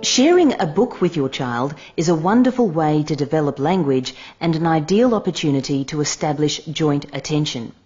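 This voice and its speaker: A woman giving calm, measured scripted narration for a parenting lesson. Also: deep voice, breathy edge, dull audio.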